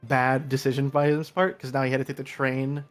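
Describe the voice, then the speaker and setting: A man's voice: mid-range voice, brisk. Young New Jersey man, New York accent, tired, rambling storyteller, faint music underneath. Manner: rambling, animated when telling stories. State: tired from little sleep. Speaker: guest player. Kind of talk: casual chat.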